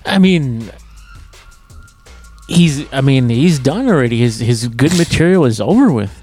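A man trades casual, profane banter on a podcast. He reacts bluntly and speaks in a plain, mid-pitched voice. Faint music plays under the talk. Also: expressive, a little slow, darkish tone, husky. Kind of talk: casual chat.

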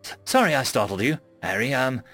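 A man voicing an earnest, gentle young woman student who speaks politely and reassuringly in a storybook reading. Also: medium pitch, big pitch swings, a little fast, soft background music.

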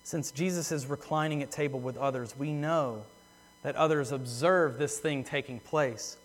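A man preaching a sermon in earnest, repeating phrases for emphasis and slowing down on key words. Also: mid-range voice. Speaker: pastor. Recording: long hall reverb.

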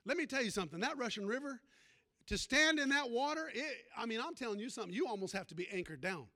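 A man's voice: extremely high pitch, expressive, quick pace, bright, forceful tone. A man who is a pastor, preaching a sermon in a folksy storytelling way and calling out to the congregation.

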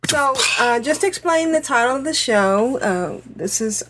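A woman hosts a casual podcast in a fairly high voice, cheerful and giggly. She talks over an online call, and faint clicks sound behind her. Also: expressive, moderate pace, fairly bright tone, slight background noise, low-quality recording. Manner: giggly, upbeat, playful. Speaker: podcast host.

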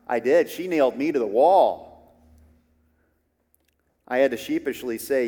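A man preaches a sermon in an earnest, conversational manner, often restarting his sentences. His voice sits at an ordinary middle pitch. Long reverb from the church space trails behind his words. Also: unhurried, pauses often, dark tone. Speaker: pastor.

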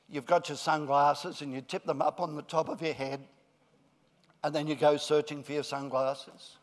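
A middle-aged male pastor giving a friendly children's talk, then a deliberate sermon. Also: a little high.

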